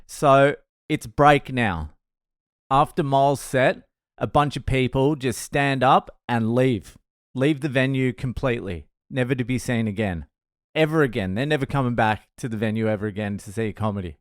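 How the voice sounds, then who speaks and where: A man's voice: medium pitch, normal speed, no echo, clean studio sound. Crude Australian man telling a story. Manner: crude, laid-back storytelling. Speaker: comedian. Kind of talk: storytelling podcast.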